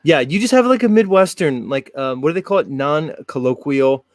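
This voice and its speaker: A man's voice: high-pitched, sing-song, quick pace, no room sound. An American man from South Jersey hosting a casual chat show, rambling and full of fillers. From South Jersey, USA. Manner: rambling, filler-heavy, chatty. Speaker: podcast host.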